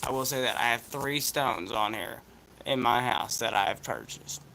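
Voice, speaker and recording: A man's voice: medium pitch, normal speed, vocal fry, sharp tone, slight background noise, poor audio. A man with an Appalachian accent chatting in a laid-back, rambling, slangy way as a vlog host. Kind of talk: casual chat vlog.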